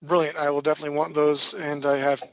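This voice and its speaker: A man running a casual live game-art class over a voice call. He talks in a loose, rambling, joking way, and his voice sits a little high. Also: flat delivery, quick pace, poor audio. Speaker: game development class host.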